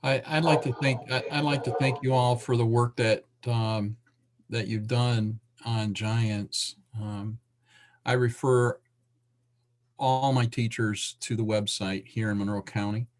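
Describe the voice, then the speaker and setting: A man attending a session, speaking earnestly and hesitantly on a video call, with many pauses. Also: mid-range voice, fairly even intonation. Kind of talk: casual chat.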